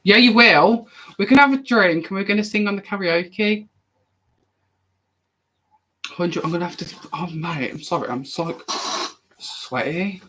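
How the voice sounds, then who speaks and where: A young man chats on a live stream, his voice sitting a little higher than most men's. He answers viewer questions in a loose, rambling way, jumping in animatedly and often breaking off mid-sentence to start again. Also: animated, unhurried, long pauses, bright, forceful tone, a little hiss or hum, poor audio. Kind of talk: casual live chat.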